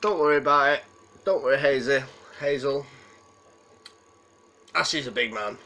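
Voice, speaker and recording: In an emotional live stream chat, a male host fights back tears while rambling and answering comments. He speaks at a moderate pace with a medium pitch and a bright, forceful tone. The recording is rough, with a little hiss or hum.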